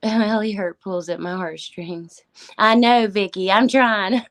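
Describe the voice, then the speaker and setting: A woman hosting a casual livestream in a voice of ordinary middle pitch. She is fighting back tears and keeps slipping into soft whispers. In between she warmly thanks her viewers one by one. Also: takes it slowly. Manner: emotional, thanking viewers by name, voice dropping to whispers. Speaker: livestream host. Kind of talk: casual live-stream chat.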